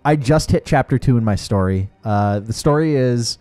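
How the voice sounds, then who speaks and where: A man's voice: medium pitch, expressive, normal speed, a little mellow, no room sound, soft background music. A man casually talking through a video game as co-host, good-humored and loose, often restarting his sentences. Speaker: co-host showing gameplay. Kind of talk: casual gameplay commentary.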